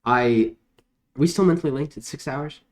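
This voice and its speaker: A man's voice: mid-range voice, normal speed, crowd noise. A man playing a tabletop role-playing game, jokey and laughing often. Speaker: player. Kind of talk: casual tabletop play.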